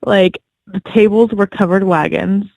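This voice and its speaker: Gravelly-voiced chatty woman. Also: mid-range voice, steady tone, measured pace, a little mellow, no room sound, poor audio. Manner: chatty, lots of "like", giggly. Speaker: guest wrestler. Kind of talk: casual phone interview.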